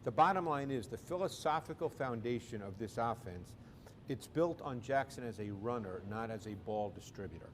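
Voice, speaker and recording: A man with a New York accent speaking at a middle pitch, laying out football schemes point by point. He is measured and emphatic, and there is a faint hiss of background noise under his voice. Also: animated. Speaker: football analyst. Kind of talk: pregame panel discussion.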